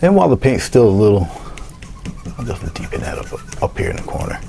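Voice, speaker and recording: A man giving a casual painting tutorial, talking through each step in a relaxed way as he works. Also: medium pitch, brisk, gravelly, slight background noise. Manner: relaxed, talks to himself while working, thinks aloud. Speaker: painting instructor.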